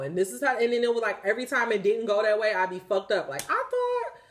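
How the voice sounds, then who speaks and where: Lady doing a tarot reading, fairly high voice, lots of swearing and laughing, super animated. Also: fast. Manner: animated, profane, laughs often. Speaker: tarot reader. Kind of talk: casual spiritual reading monologue.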